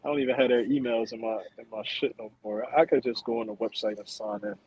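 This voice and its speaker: A man's voice: mid-range voice, fast, creaky, darkish tone, husky, low-quality recording. A man co-hosting a podcast, chatting casually with blunt, profane humor and frequent laughter. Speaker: podcast co-host. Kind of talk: casual chat.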